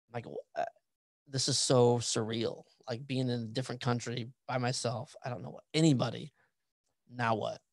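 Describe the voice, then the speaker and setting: A man's voice: medium pitch, vocal fry, no room sound. A man hosting a podcast, chatting casually about his own life, rambling and repeating words as he thinks aloud. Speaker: podcast host and author. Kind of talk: casual interview chat.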